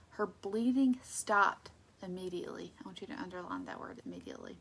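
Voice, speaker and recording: A woman leading a casual Bible study, conversational and emphatic, sometimes dropping into soft asides. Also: medium pitch, wildly swooping pitch, a little fast, slightly rough.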